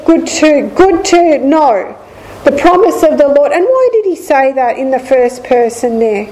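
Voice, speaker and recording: A woman gives a slow, deliberate Bible teaching, repeating each key line. Her voice sits high but mellow and soft-edged. A faint hum of room ambience runs behind her. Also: lively intonation, poor audio. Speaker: preacher.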